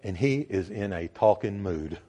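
An older man preaching a sermon as pastor, emphatic, with sudden jumps in pitch and volume. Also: lively intonation, measured pace, dark tone.

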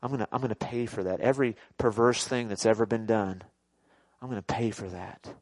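A man doing a soft, solemn savior. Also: on the low side, fairly quick, no echo, pitched below the performer's own voice, lightly acted. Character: tender, resolute male savior.

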